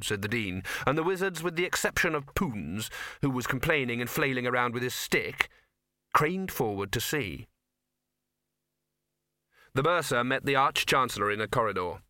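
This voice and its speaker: A man's voice: medium pitch, moderate pace, no echo, studio quality. A man reading a comic fantasy novel aloud as an audiobook narrator, giving each character a voice. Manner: lively, voices many characters. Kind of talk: scripted narration.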